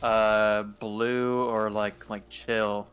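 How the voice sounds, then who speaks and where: A man's voice: on the low side, flat delivery, drawn-out words, fairly bright tone, clear, resonant tone, faint music behind. A man chatting casually with a streamer friend over a call, rambling with many fillers. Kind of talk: casual chat.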